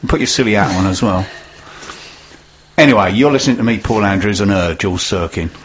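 A man's voice: on the low side, fairly quick, a bit bright, slight background noise. A man hosting a local radio show, bantering and teasing his co-host in a sarcastic way. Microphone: studio microphone. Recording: dull local radio studio sound.

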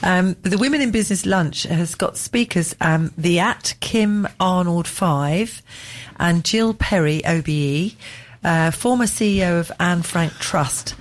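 A woman's voice: on the low side, measured pace. A woman co-presenting on local radio, chatting and reading event details at an easy pace. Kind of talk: casual radio chat.

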